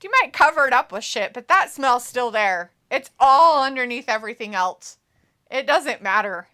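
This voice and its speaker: A woman's voice: fairly high pitch, expressive, moderate pace, pushed and bright. A woman co-hosting a live stream in casual chat, with a nasal, cackly voice, teasing and swearing freely as she reads out viewer comments. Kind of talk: casual watch-along chat.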